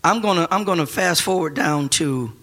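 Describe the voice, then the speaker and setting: A man preaching a sermon, building from quiet reading to shouted, drawn-out emphasis. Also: on the high side. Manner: rising to shouted call-and-response cadence, drawn-out emphasis.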